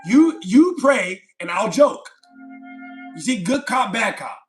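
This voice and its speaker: High-voiced combative male streamer. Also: big pitch swings, slow pace, soft background music. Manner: combative, mocking, loud outbursts. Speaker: streamer reading chat. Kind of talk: live stream chat reading.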